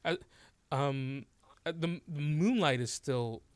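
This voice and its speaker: A man narrating a tabletop game as game master, halting and full of fillers and restarts. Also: on the high side, clean tone, dry recording.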